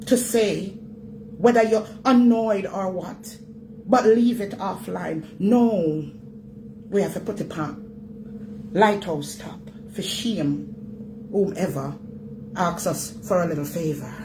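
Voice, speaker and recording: A Jamaican woman delivers a scolding rant in thick Patois at an unhurried pace, hammering each point home with repetition. Her voice is mid-pitched, with only a faint hiss of noise behind it. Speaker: vlog host. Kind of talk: ranting commentary.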